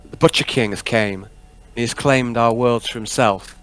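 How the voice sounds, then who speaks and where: A man voicing a frightened woman who captains a refugee ship and begs politely for help in halting, broken phrases. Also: mid-range voice, a bit bright, clean tone, natural voice. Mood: anxious.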